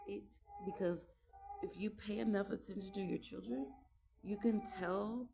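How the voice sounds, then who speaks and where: A woman's voice: mid-range voice, vocal fry, noisy background. A young mother talking about raising her children in a casual, emphatic monologue, repeating herself to drive points home.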